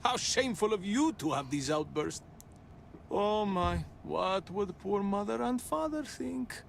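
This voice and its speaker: A sarcastic, pompous drunkard from a game, his gravelly voice sneering and swooping. His pitch runs a little high and very animated, with faint background noise. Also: a little slow, exaggerated voice. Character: mocking, pompous drunkard brother, adult man.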